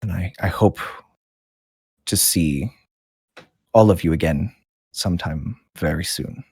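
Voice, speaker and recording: A courteous leader of a holy order in a fantasy game, played by a man, speaking in a calm, formal way. The voice is low and husky, recorded dry. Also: slow, dry recording, full character voice. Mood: gracious.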